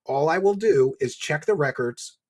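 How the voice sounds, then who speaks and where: A man's voice: a little high, lively intonation, normal speed, slightly rough. A man in casual stream chat, talking reflectively and hesitantly, with many restarts.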